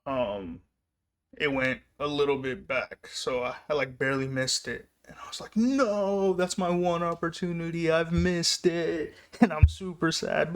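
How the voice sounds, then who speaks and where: A young man casually telling personal stories in a rambling way, laughing often and getting excited as he recalls them. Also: mid-range voice, creaky. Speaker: vlogger. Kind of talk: casual storytelling.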